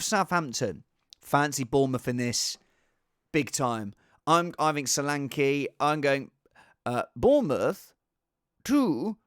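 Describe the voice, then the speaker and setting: A fantasy football vlogger chats casually on his own, rambling with restarts and side comments. His mid-range voice carries vocal fry, and the studio sound is clean with no echo.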